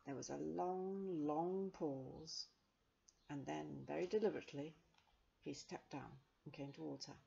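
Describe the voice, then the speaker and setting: A woman reading a children's novel aloud in a gentle, measured storytelling manner. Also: low voice, gravelly, slightly rough, muffled recording. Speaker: reader.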